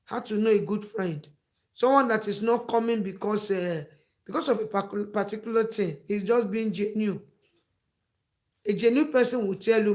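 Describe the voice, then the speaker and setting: A woman's voice: mid-range voice, brisk, a little mellow. A woman giving emphatic, repetitive advice to camera and acting out the words of friends. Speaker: advice vlogger. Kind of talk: preachy advice talk to camera.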